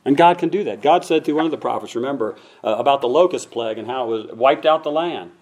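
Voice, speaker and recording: A man's voice: medium pitch, fast, darkish tone. A man preaching a conversational sermon to his congregation, acting out voices now and then. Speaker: pastor.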